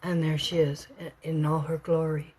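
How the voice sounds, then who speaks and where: A woman doing a live tarot card reading for someone, expressive and swinging between excited bursts and hushed whispers. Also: low voice, moderate pace, slightly rough. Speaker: tarot reader.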